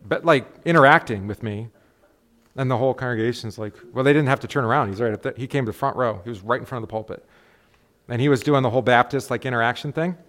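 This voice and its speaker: A middle-aged man, a pastor, teaching a relaxed Bible class in a conversational way and often checking in with the group with quick tag questions. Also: mid-range voice.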